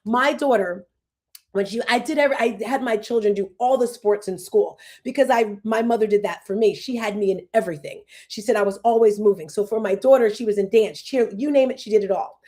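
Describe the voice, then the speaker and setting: Speaking in a dark-toned voice of medium pitch, a woman in her fifties hosts a casual conversation. Emotional and rambling, she shifts tangents quickly and at moments seems ready to cry.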